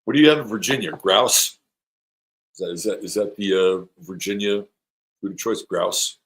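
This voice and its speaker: A man's voice: sits low, normal speed, fairly bright tone, poor audio. A middle-aged man hosting an astrology live stream, chatting playfully and rambling as he reads viewer comments aloud. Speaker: astrologer host.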